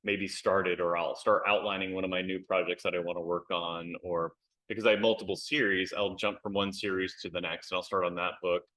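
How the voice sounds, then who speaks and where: American guy, lowish bright voice, chatty and candid, lots of ums, video call interview. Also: level tone, brisk, low-quality recording. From United States. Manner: candid, lots of fillers and repeated words. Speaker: author, interview guest. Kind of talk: casual interview chat.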